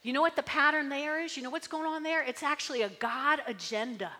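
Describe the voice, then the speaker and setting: A woman pastor preaches in a bright, lively tone that sits a little high. She keeps asking the congregation to answer back. Her voice rings out with a long hall reverb. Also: brisk. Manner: chatty, tag questions, audience call-and-response. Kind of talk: sermon.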